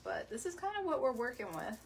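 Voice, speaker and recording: Talking fast in a high, sing-song voice, a woman hosts a DIY decor video full of casual, rambling craft chat, with easy laughter and plenty of "y'all." Heavy background noise comes through, and the somewhat distant mic adds faint room ambience.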